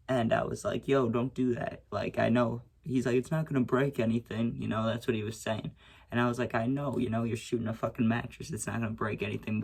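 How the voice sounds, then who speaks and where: Young guy with a gravelly husky voice, rambling storytime, says right? a lot and swears. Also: mid-range voice. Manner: rambling, frequent "right?" and "you know what I'm saying"; swears freely, acts out shouted quotes. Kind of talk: casual storytime.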